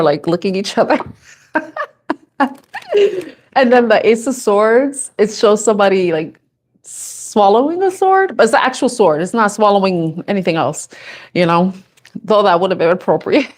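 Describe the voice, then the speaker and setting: Giggly, chatty woman tarot reader. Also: mid-range voice. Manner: chatty, giggly, thinks aloud with restarts. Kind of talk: casual live tarot reading chat.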